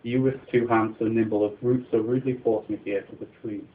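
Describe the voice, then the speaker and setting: A man's voice: lowish voice, fairly even intonation, a little fast, a little hiss or hum. A man performing his own poetry live in a dramatic, incantatory way, repeating refrains, on a muffled recording. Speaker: poet.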